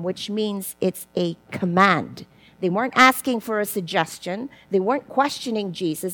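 A woman preaching a sermon with an expressive delivery, rising and falling for emphasis and asking the listeners questions. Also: a little high.

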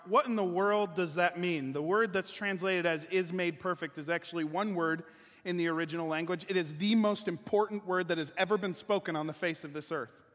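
A man's voice: high-pitched, a bit bright. A man preaching a sermon as pastor, conversational and emphatic, often restarting his sentences. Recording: long reverb of a large hall.

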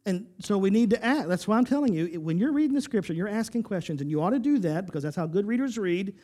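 A man delivers a sermon in a notably high voice. He drives his points home with rhetorical questions and emphatic repetition. His phrases often stumble and restart. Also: animated, fast, few pauses, warm tone. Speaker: pastor.

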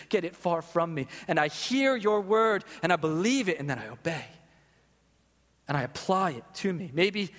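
Preaching man with a fairly high voice. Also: fairly bright tone, long reverb tail. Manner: earnest, emphatic preaching with slowed stresses and repeated questions. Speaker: pastor. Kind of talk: sermon.

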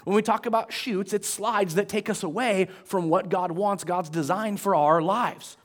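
A man in his forties with a high-pitched voice preaches a casual, conversational sermon in a church. He jokes at his own expense and keeps turning to the congregation with questions and asides. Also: moderate pace. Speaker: pastor. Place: church auditorium.

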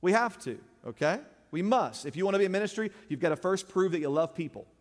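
A man's voice: animated, quick pace. A man preaching a sermon, emphatic and conversational, pressing points with call-and-response to the congregation. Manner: emphatic, call-and-response, surges louder and higher on key points. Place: church sanctuary. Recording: long reverb of a church hall.

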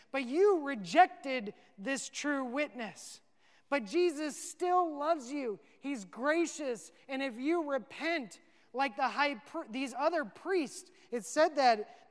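A male pastor preaching a sermon, earnest and rising to emphatic peaks. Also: very high voice. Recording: long reverb of a hall.

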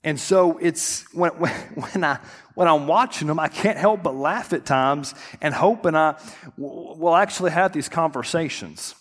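A man's voice: fairly high pitch, measured pace. A young adult man preaching a sermon as pastor, telling a family story and acting out the voices in it. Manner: storytelling, animated, acts out quotes. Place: church sanctuary. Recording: long hall reverb.

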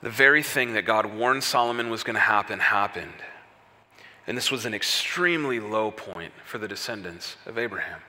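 A man preaching a sermon, telling the story with lively rhetorical questions. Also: lowish voice, moderate pace. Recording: echoey hall reverb.

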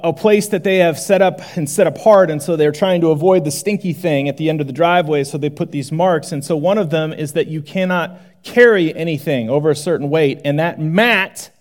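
A man with a fairly high-pitched voice preaches a sermon. He's a pastor whose animated, conversational delivery jumps between loud exclamations and soft asides.

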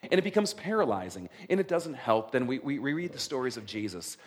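Man, middle-aged, pastor, sermon, animated, chatty, mid-range voice. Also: medium pitch, fairly quick, a little hiss or hum. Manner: conversational, animated, frequent "right?" check-ins.

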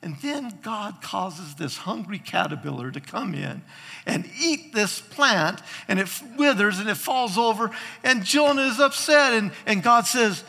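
A man preaching a sermon as a pastor, retelling a story with animated, acted-out quotes. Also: high-pitched, measured pace, creaky, husky, in a large hall.

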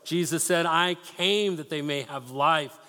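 A man's voice: fairly high pitch, unhurried, sharp tone. A man preaching a sermon as pastor, reading scripture aloud and explaining it with rhetorical questions and casual asides. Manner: casual asides and playful impressions. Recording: long hall reverb.

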